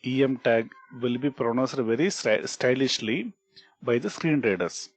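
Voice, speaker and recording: In a screen-recorded coding tutorial, a man speaks with an Indian English accent, a medium pitch and a measured pace, with no echo. He goes over key points more than once, restarts words, and often checks in with "okay" or "right?" as he explains.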